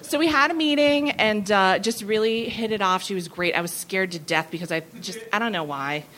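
A woman in her thirties telling a comic anecdote at a live venue, animated and often laughing. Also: medium pitch, brisk, a little hiss or hum. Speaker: comedy writer guest. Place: live venue before an audience.

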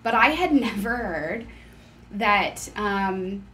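A woman co-hosting a casual chat, an animated storyteller who exclaims often. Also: medium pitch, takes it slowly, a little hiss or hum. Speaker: podcast co-host.

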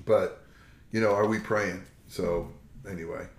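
Low-voiced pastor in an echoey room. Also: male voice, a little slow. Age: older. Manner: animated storyteller, acts out quotes, folksy. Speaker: pastor and co-host. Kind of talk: casual Bible discussion.

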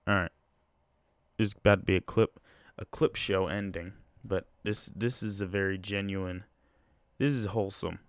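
Podcast host, young man, low voice, dry close sound, easygoing rambling delivery. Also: steady tone, moderate pace, no echo. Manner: rambling, loose and conversational with frequent fillers. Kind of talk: casual solo podcast chat.

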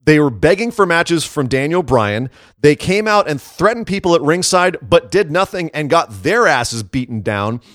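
A man's voice: on the high side, very animated, moderate pace, a bit bright, dry recording. Man, co-host, casual opinionated chat, sarcastic edge, dry close sound. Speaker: wrestling podcast co-host.

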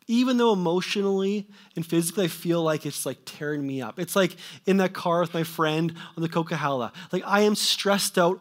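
Preaching a sermon, a man with a fairly high voice swings from loud, pointed questions to quiet asides that drift off.

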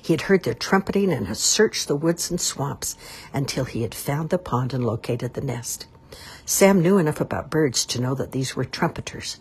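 A woman reading a children's novel aloud in an expressive, measured way. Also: very deep voice, breathy edge. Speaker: storyteller.

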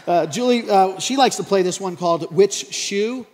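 A man's voice: high-pitched, normal speed. A man preaching a sermon, playful and conversational, acting out little scenes in funny voices. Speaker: pastor. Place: large church hall. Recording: echoey church hall.

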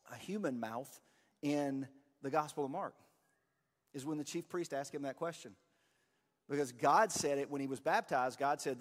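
Earnest pastor preaching in a reverberant hall. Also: male voice, medium pitch. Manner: conversational, earnest, with many fillers. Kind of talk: sermon.

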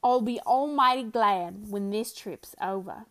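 A woman's voice: mid-range voice, unhurried. A woman voicing a weary, level-headed frontier man who talks in a rustic dialect. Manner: rustic dialect, flat and reasoning.

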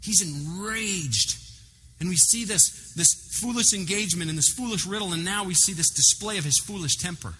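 A pastor preaches a sermon at normal speed in an animated storytelling style, often turning aside to address the congregation. His high voice sounds very bright and sharp. Long reverb from a large hall surrounds it, along with faint ambience and faint background music.

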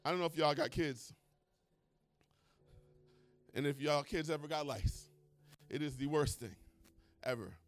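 A man preaching a sermon at a church service, excitable and swinging from hushed talk to shouting as he retells stories. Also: a little high, a little slow, long pauses, soft background music. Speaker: pastor.

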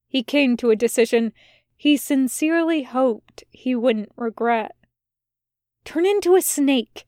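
A woman reading a fan-fiction story aloud in a measured, unhurried narrating voice. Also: a little high, darkish tone, dry recording, studio quality. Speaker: fan audiobook reader.

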